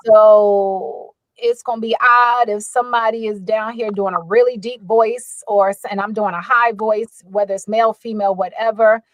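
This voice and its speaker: A woman audiobook narrator in a casual panel chat, animated and quick to act out her own reactions. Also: medium pitch, no echo, low-quality recording. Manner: animated, quotes her own thoughts aloud.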